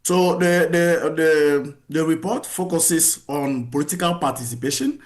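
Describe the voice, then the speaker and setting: A man being interviewed on radio as a research guest, speaking haltingly and repeating words as he restarts. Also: on the high side, lively intonation.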